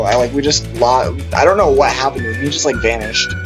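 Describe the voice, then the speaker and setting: A man's voice: mid-range voice, a little fast, over music, low-quality recording. A young man vlogging a casual storytime, rambling through tangents and quoting himself in funny voices.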